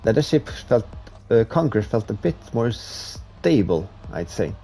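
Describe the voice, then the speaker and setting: A man with a hard-to-place accent chatting casually with viewers while streaming a racing game, talking in a relaxed, halting way. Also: lowish voice, vocal fry, husky, soft background music. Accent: hard-to-place non-native English accent. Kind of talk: casual live-stream commentary.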